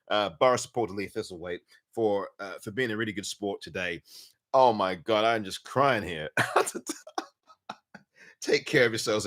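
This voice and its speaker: Hosting a relaxed post-match football podcast, an English-accented man with a lowish, slightly bright voice laughs at his own blunders. He mocks himself and even addresses himself by name.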